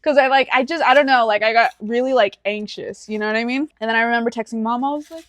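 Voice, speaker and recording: A young woman in her twenties talks through a story on a casual podcast, her voice sitting a touch high. She acts out every quoted line and keeps the talk loose and full of fillers. The sound is close and dry. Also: fast, few pauses, no echo. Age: 20s. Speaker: podcast co-host. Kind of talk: casual chat.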